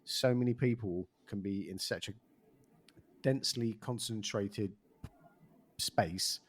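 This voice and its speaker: Low-voiced rambling man host. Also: takes it slowly, slightly rough. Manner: rambling, self-interrupting. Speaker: podcast host. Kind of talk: casual interview chat.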